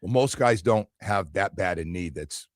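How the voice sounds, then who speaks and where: A man's voice: low-pitched, dry recording, studio quality. A middle-aged man hosting sports radio, trading jokey banter with his cohost. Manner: animated, jokey, quick asides. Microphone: studio microphone.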